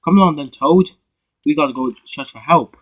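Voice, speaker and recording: A man's voice: on the high side, moderate pace, a bit bright, husky, muffled recording. A man voicing a kind, reassuring male engine in a homemade toy-train story. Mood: concerned.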